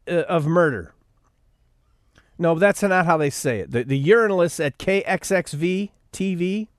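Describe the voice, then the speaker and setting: Fiery high-pitched male commentator. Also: lively intonation, normal speed, no room sound, studio quality. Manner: sarcastic, preachy, rising to fiery outbursts. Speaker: radio host. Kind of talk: opinionated news commentary.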